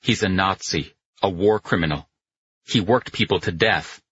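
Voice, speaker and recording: A young Italian war survivor, as a male narrator puts him on, anguished and low in an audiobook. The voice is deep and husky, recorded dry and slightly dull. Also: normal speed, fairly bright tone, dry recording. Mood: bitter.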